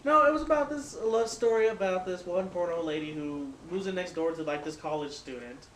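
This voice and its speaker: A young man hosting a casual chat, telling animated stories with friends in a room. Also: high-pitched, a little fast. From Filipino. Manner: animated storyteller, acts out quoted people. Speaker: podcast host. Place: room with friends smoking hookah. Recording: echoey room with faint background noise.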